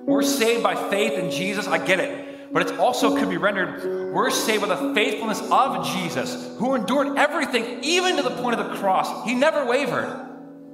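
Man preaching a lively, impassioned sermon. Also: high-pitched. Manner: impassioned, with dramatic pauses. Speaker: pastor. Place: church sanctuary. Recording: echoey church hall with faint music.

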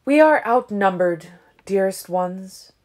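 A woman reading an audiobook, voicing an ancient male vampire leader who speaks in a tolerant, silky, falsely gentle way. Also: mid-range voice, big pitch swings, a little slow, voice pushed up. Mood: smooth, condescending.

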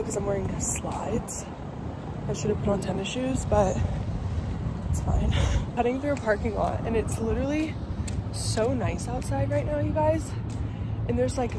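A woman chatting casually to her phone camera while outdoors, peppering her talk with "like.". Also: on the high side. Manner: chatty, lots of "like" fillers. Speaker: vlogger. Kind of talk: casual vlog chat to camera. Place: outdoors, walking streets and yard. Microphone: phone camera held by hand. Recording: phone vlog with loud outdoor traffic noise.

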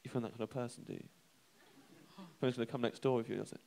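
A young man telling a comic anecdote on a live show, halting and self-deprecating, chuckling between lines. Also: medium pitch, fairly even intonation, gravelly, a little mellow. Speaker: comedian telling a story.

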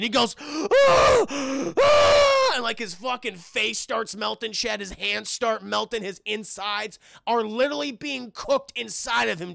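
A young male streamer recaps a cartoon for his live chat in an excitable, profane rush. His voice sits high with a heavy gravelly fry and a bright edge. The sound is dry and close. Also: no room sound. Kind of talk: casual commentary to chat.

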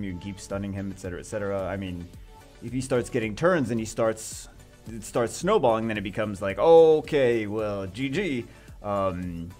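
Casual male gamer commentator, excitable and rambly, faint background music. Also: lowish voice. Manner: rambling, excitable, many restarts and fillers. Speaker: game commentator.

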